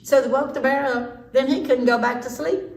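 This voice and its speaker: A woman reading a children's story aloud with slow, expressive delivery. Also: sits high. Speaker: story time reader. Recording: echoey room, distant mic, faint noise.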